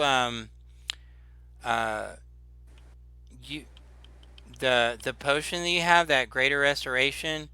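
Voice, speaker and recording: Man, game master, very bright clear voice, laid-back, rambling, dry close sound. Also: mid-range voice, no echo. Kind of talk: narrating a tabletop game.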